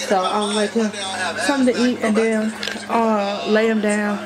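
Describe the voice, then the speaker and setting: A woman's voice: mid-range voice, little pitch movement, moderate pace, a loud crowd, rough recording. A woman in her twenties, chatting casually to her viewers in a loose vlog style. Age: 20s. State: out of breath at times. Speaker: vlogger.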